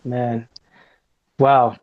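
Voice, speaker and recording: A man hosting a podcast interview, talking in an animated, enthusiastic way with laughs. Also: medium pitch, very slow, narrow, tinny audio. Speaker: podcast host. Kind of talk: casual interview chat.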